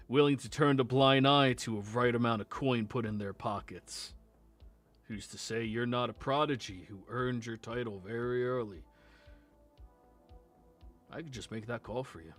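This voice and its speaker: A man voicing a sly, scheming male combat trainer who mocks and bribes in a low, half-whispered tone. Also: lightly acted.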